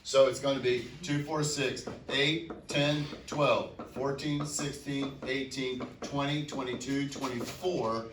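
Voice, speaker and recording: A man's voice: mid-range voice, steady tone, slow pace, hardly any pauses, background noise. A male chemistry teacher giving an upbeat, joking classroom lecture, counting aloud and quizzing his students. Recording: echoey classroom, mic far off.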